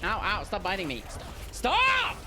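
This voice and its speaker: A young man streaming a video game, excitably yelling at enemies and chatting between fights. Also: on the high side, measured pace, background noise. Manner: excitable, yells playfully at enemies. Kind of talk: live gameplay commentary.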